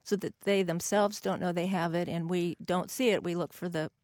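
A woman's voice: fairly low pitch, steady tone, moderate pace, darkish tone, dry recording, studio quality. A woman guest on a radio talk show, an author and educator explaining her views earnestly.

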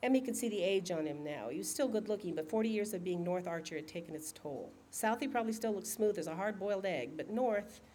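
Woman narrator, novel reading, informal, steady, faint background noise. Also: mid-range voice, fast talker, few pauses. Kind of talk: audiobook reading.

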